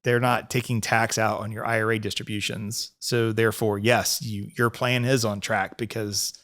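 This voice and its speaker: A man hosting a casual podcast as a financial advisor. He talks in a relaxed, conversational way, often laughs and restarts his sentences. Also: on the low side, moderate pace.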